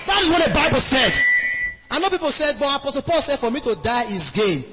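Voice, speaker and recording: A man preaching a sermon in a sing-song cadence, calling on the congregation and bursting into shouts. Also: very high-pitched, sing-song, fairly quick, in a large hall, poor audio. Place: church hall.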